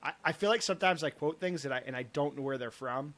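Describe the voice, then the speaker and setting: Casting: podcast co-host, man with a fairly high voice, curious, keeps asking questions. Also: fast, a bit bright. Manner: asks questions, tries quotes. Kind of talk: casual chat.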